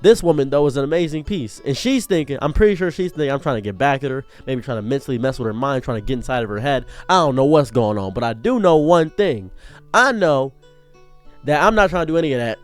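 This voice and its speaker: A young man telling a comedic personal story as a streamer, animated and jokey, jumping into higher voices for quotes. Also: fast talker, soft background music.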